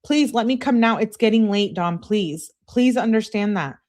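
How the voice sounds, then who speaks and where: A woman reading aloud as a pleading teenage girlfriend who begs again and again, her voice raised higher than her own. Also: normal speed, a little mellow, close to an everyday voice. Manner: high, breathless pleading with repeated begging.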